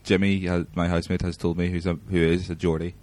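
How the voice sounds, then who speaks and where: A man, chatting on a podcast in a chatty, animated way. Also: sits low, fast talker, dry recording. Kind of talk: casual chat.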